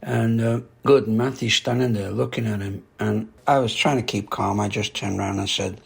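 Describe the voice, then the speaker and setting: A man's voice: on the low side, fairly even intonation, moderate pace, creaky, hardly any pauses, slightly rough. An older man, a karate instructor hosting a podcast, telling rambling anecdotes in a casual, chatty way and laughing at his own stories.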